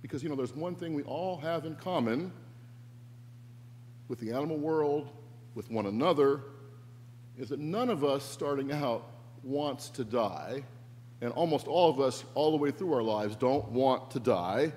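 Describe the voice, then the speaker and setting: Earnest and reflective, this pastor preaches a little slowly in a medium-pitched, slightly mellow voice, changing where he places emphasis. The sermon is recorded in an echoey church sanctuary with a faint hum.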